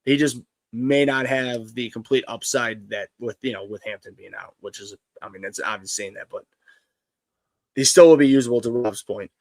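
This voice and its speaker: A man's voice: medium pitch, darkish tone, dry recording. A man co-hosting a live fantasy football show, arguing his points emphatically and swearing, often restarting his sentences. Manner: emphatic, halting, profane. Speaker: co-host.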